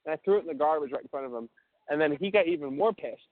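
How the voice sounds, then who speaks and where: Young guy on a tinny phone call, kinda high voice, rambling with lots of likes and swearing. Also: expressive, very fast, dry recording. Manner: rambling storyteller, fillers and swearing. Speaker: caller on a prison phone call. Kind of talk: casual phone chat.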